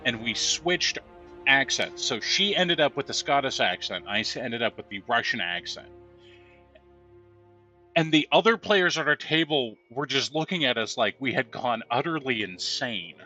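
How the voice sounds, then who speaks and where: A man's voice: medium pitch, lively intonation, normal speed, bright, forceful tone, faint music behind. A man telling rambling anecdotes with laughs while giving casual gameplay commentary. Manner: rambling, chatty storytelling with laughs. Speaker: gameplay streamer.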